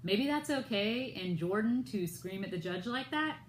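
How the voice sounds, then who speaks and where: Woman from the US, storytime vlog, indignant retelling, mid pitch, echoey room. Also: lively intonation, moderate pace, a little hiss or hum. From United States. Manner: indignant retelling, quoting others in raised voices. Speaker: vlogger.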